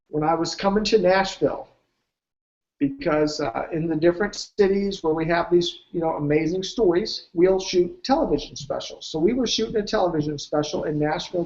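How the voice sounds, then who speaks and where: A man's voice: fairly high pitch, a little mellow, muffled recording. A man presenting his weight loss program, telling emphatic motivational stories and acting out the dialogue. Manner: emphatic, acts out quoted dialogue. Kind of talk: motivational storytelling.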